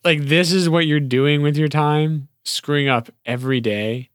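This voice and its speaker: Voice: mid-range voice, steady tone, a little slow, smooth, no room sound, studio quality. A podcast co-host chatting casually and musing aloud in a bemused way. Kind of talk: casual chat.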